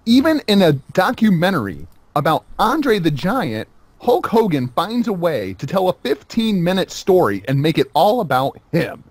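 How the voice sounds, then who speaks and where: A man's voice: sits high, huge pitch swings, normal speed, slightly rough, no room sound. Emphatic, opinionated man, dry sound. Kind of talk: casual wrestling chat.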